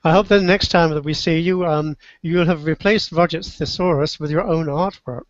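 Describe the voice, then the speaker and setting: A show host wrapping up an interview, relaxed and a little hesitant, with ums. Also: medium pitch, normal speed, no room sound. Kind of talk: interview hosting. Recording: dry, muffled lo-fi audio.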